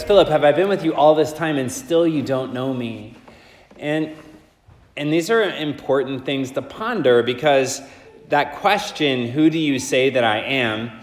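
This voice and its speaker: A man reads the gospel aloud and then preaches a homily in a relaxed, chatty way with plenty of fillers. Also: mid-range voice. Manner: casual, conversational preaching with many fillers. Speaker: priest. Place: church. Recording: echoey church with long reverb.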